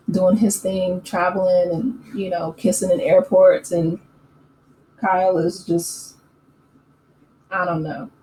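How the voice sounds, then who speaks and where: A woman's voice: on the low side, mellow. Chatty woman recapping reality TV. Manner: chatty, opinionated, frequent fillers and laughs. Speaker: YouTube recap host. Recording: echoey room with faint ambient noise.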